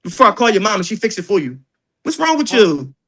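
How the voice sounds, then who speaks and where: High-voiced animated man leading sales training. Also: fast talker. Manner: animated, joking, acts out doorstep exchanges. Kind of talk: energetic sales training talk.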